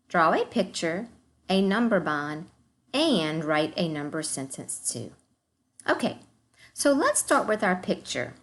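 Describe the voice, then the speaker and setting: A woman teacher giving a recorded math lesson to young children, slow and encouraging, speaking straight to the kids. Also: on the low side, fairly bright tone.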